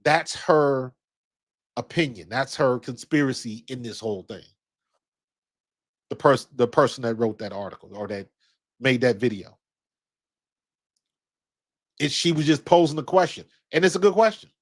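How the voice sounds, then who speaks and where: His medium-pitched voice is expressive at normal speed, and he pauses often. The man, in his fifties and from Ohio, gives casual, rambling basketball commentary with personal stories, blunt and slangy with some profanity.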